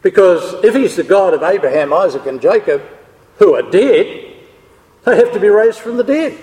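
A man's voice: sits high, animated, normal speed, a little mellow. Man teaching scripture in a reverberant hall. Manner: explains step by step, checks in with the listeners. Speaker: Bible teacher. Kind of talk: scripture lecture to a class.

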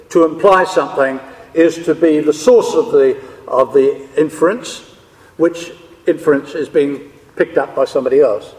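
In a recording with long hall reverb, a man with a slightly high, darkish voice teaches a Bible class. He lectures on scripture, explaining ideas step by step and checking in with his listeners.

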